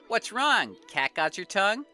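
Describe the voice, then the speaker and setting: A woman voicing a tiny, hot-tempered male artist, reading game lines loud, mocking and indignant. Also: mid-range voice, heavily acted. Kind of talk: reading game dialogue aloud on stream.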